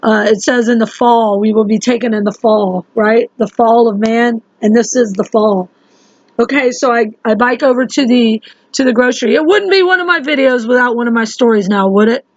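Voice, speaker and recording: A woman vlogging to camera in a rushed, rambling, urgent way, sounding short on sleep. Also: fairly high pitch, no echo. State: sleep-deprived. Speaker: religious vlogger. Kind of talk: casual monologue to camera. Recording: dull lo-fi dry sound.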